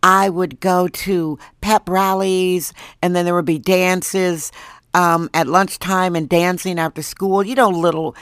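Woman podcast host from Wisconsin, hoarse from a lost voice, slow and self-mocking, recorded dry at home. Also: on the low side, fairly even intonation, fairly bright tone, no echo. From Wisconsin, USA. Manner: chatty, jokey, laughs at herself. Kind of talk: casual solo monologue.

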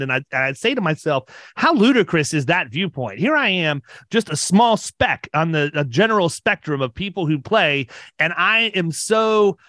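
A man's voice: fairly high pitch, bright, forceful tone, no room sound. A man of around fifty, an insurance business owner, telling casual stories on a podcast with energy, often repeating words and laughing.

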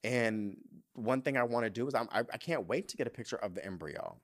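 A man's voice: medium pitch, lively intonation, a little fast, slight background noise. A young man hosting a podcast, talking candidly and emotionally in a casual chat, swearing freely. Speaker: podcast host.

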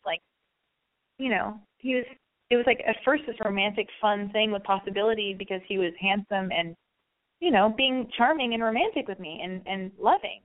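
A chatty, brash woman hosting a podcast, telling a story in a casual monologue. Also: medium pitch. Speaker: podcast host. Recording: narrow phone-like sound.

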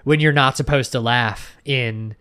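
A man's voice: mid-range voice, measured pace, pushed and bright, clear, resonant tone. A young man co-hosting a podcast in casual chat, rambling with lots of fillers, restarts and swearing. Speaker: podcast co-host.

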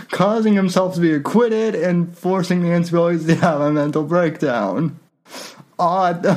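This podcast host, a man with a slightly mellow voice on the high side, reads satirical material aloud as offhand commentary. He keeps laughing mid-read, staying loose and irreverent, and frequently uses fillers and restarts his sentences.

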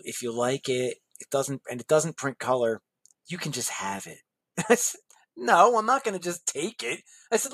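A musician and designer, guest on a podcast interview, tells animated anecdotes and acts out quoted dialogue with jumps in pitch. His voice is slightly rough, and the sound is dry and close with no echo.

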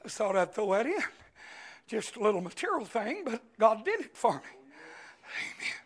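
A male preacher delivering an impassioned sermon, dropping to a hush and then shouting, with frequent amens. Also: sits high, big pitch swings, moderate pace, breathy edge. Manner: impassioned, swings between hushed and shouting, peppered with amens. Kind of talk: Pentecostal-style sermon.

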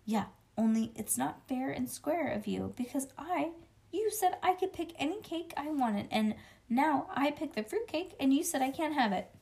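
A woman voicing an excitable, loud little girl in a storybook read-aloud, shouting in a high squealing voice. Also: normal speed, gravelly. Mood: indignant.

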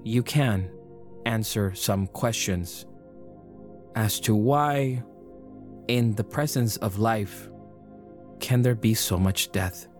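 A man voicing a solemn ancient forest creature that speaks in a measured, formal way. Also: on the low side, soft background music. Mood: grave.

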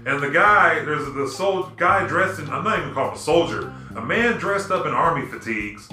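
A podcast host with a bright, fairly high voice rants in casual chat, talking briskly with hardly any pauses. His storytelling is animated and profane, recorded in an echoey room with music underneath.

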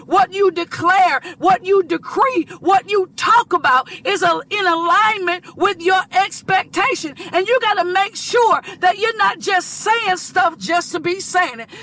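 A woman host preaching with fervor, shouting and half-singing her phrases in a motivational sermon from inside a vehicle. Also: very high voice, slight background noise.

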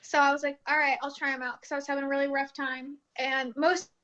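A woman with a high voice chats casually on a podcast. Her tone is bright and ringing. She tells animated stories and acts out the people she quotes, laughing often. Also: fast talker, dull audio. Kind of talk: casual chat, storytelling.

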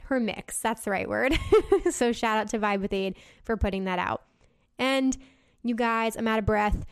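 A woman's voice: medium pitch, clear, resonant tone, no room sound, clean studio sound. A young woman hosting her own podcast, chatting casually and enthusiastically with frequent fillers. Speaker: podcast host. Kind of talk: casual solo podcast chat.

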